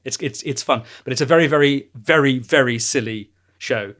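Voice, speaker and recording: A man's voice: mid-range voice, moderate pace, a bit bright. A British man hosting a podcast, explaining in a casual, informative way with many fillers. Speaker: podcast host.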